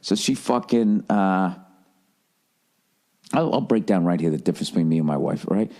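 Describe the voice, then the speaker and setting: A man's voice: deep voice, expressive, normal speed, mellow. A man telling a rambling, profane, self-mocking comic rant in a podcast style. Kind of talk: comedic rant.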